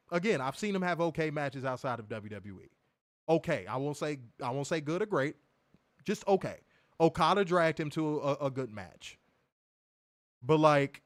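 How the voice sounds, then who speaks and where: Animated man. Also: on the high side, no room sound, studio quality. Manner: animated, mocking, lively storytelling with impressions. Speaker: wrestling review show host. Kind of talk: casual profane podcast banter.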